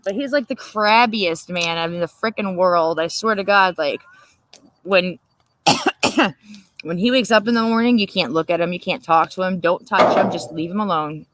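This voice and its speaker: Bright-voiced woman rambling. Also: lowish voice, moderate pace, dry recording, poor audio. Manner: rambling, profane and laughing. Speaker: livestream host. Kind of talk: casual late-night chat.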